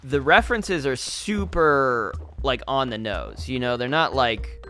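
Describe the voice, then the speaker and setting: A man's voice: mid-range voice, expressive, unhurried, pushed and bright, a little hiss or hum. A young man casually commentating over gameplay, rambling, restarting his sentences and laughing often. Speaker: gaming channel host.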